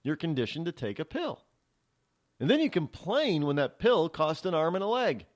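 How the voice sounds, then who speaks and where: Rambling sarcastic New talk host. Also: male voice, a little high, sing-song, moderate pace. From New England. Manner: rambling, sarcastic, repeats and restarts words. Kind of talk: casual opinion monologue.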